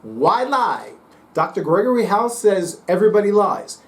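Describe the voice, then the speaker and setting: A man talking casually to his viewers, chatty and playful with lively asides. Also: high-pitched, normal speed. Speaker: psychic reader and YouTuber. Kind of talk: casual monologue to camera.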